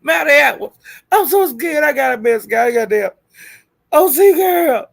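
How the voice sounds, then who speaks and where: A woman's voice: high-pitched, animated, unhurried, vocal fry. Flustered woman on a live stream. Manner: frantic, swearing, laughing, calling to viewers for help. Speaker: livestream host.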